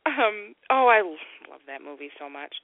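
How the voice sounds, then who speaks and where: A woman's voice: mid-range voice, sing-song, normal speed. Giggly woman on a tinny line. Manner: giggly, laughs often. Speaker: guest. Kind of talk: casual chat. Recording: tinny phone-line audio.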